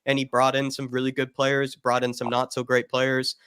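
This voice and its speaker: A man's voice: medium pitch, completely flat delivery, normal speed, a bit bright, clear, resonant tone, no room sound, studio quality. A man co-hosting a fan stream in casual chat, hedging with many fillers. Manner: hedging, full of fillers like sort of and kind of. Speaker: co-host panelist.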